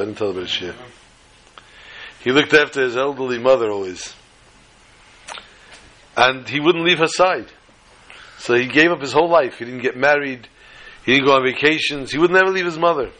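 Bright-voiced man telling folksy stories. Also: mid-range voice. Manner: folksy, joking asides. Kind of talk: storytelling talk to a small gathering.

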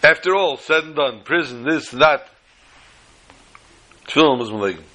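A man and religious teacher, telling humorous stories in a sermon with lively delivery. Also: a little high, moderate pace, low-quality recording. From United States. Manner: animated storyteller, shifts between voices. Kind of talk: storytelling sermon with jokes.

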